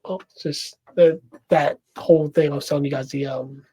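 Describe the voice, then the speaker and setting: A man hosts a casual podcast chat from a shed. He keeps his replies short and relaxed and often breaks into laughs. His voice is somewhat high and stays fairly level. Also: moderate pace, slightly rough. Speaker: podcast host.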